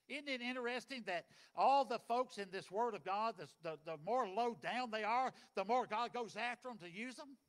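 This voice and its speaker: A man preaching a sermon, folksy and dynamic, swinging between loud and soft. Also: high voice, lively intonation, normal speed, hardly any pauses. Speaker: pastor.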